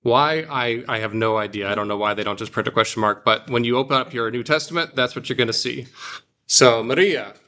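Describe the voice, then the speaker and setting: A man teaching a classroom, drawing out phrases slowly for the class to repeat. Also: medium pitch, bright, forceful tone. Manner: slow, drawn-out model phrases for repeating. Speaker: Greek teacher.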